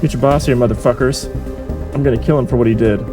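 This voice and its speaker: A man voicing a deranged, foul-mouthed attacker with a knife, shouting threats. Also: medium pitch, fairly even intonation, quick pace, recorded from a distance, music in the background, lightly acted. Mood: raging. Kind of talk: reading a game's dialogue aloud.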